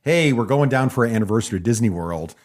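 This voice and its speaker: A middle-aged man co-hosting a podcast in casual chat, enthusiastic and quick to agree. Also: medium pitch, lively intonation, darkish tone. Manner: enthusiastic, agreeable, lots of short affirmations. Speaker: podcast co-host.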